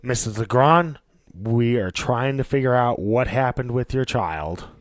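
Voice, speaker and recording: A man putting on a hushed southern-drawled adventurer. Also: medium pitch, animated, unhurried, dry recording, voice pushed down, natural voice. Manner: half-whispered, unsure delivery. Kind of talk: tabletop role-play.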